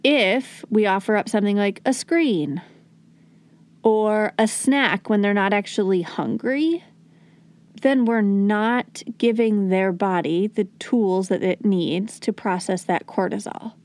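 A woman's voice: mid-range voice, slow pace. Earnest woman coaching parents. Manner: earnest, coaching, acts out gentle lines to a child. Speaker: parenting educator. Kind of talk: instructional talk to parents.

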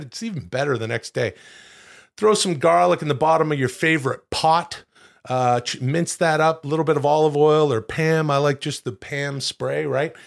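Brief: man doing a loud, folksy Canadian cook, gravelly, raised pitch, swears freely. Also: heavily acted. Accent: Canadian put-on. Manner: boisterous, swearing, folksy how-to patter. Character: hearty Canadian man cooking beans and kale. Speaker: podcast co-host. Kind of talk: comic improvised bit.

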